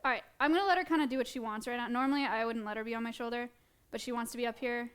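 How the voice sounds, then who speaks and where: Streamer woman, high voice, chatty, talks straight to her chat. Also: steady tone, racing, a bit bright, smooth. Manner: chatty, addresses her chat directly, light laughs. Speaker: streamer hosting an animal segment. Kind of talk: casual live-stream chat. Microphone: wearing headphones at a streaming setup.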